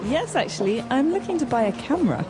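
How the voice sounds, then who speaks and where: Female actor as a brisk, knowing camera shopper; lively pitch, noisy backdrop. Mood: brisk customer. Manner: brisk, knowing, a little dry. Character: confident wife shopping for a camera. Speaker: actor in a listening dialogue.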